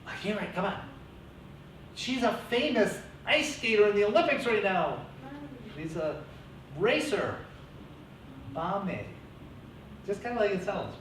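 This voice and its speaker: A man teaching a classroom lecture, lively and coaching his students. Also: sits high. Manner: lively, coaching students through name pronunciation. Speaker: teacher educator. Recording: echoey classroom from far off, faint hiss.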